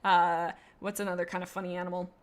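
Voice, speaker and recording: A woman's voice: on the low side, flat delivery, quick pace. A woman streaming live in a loose, casual chat, reading out viewer comments. She talks in a playful, goofy way. Her sentences ramble and often stop short and start over with little asides. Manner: rambling and self-interrupting, with many restarts and asides.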